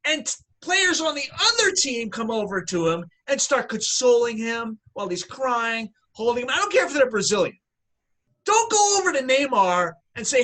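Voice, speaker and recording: A man's voice: very high-pitched, wildly swooping pitch, normal speed, bright, forceful tone. A man co-hosting a casual sports podcast, talking in an emphatic, opinionated rant. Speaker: podcast co-host.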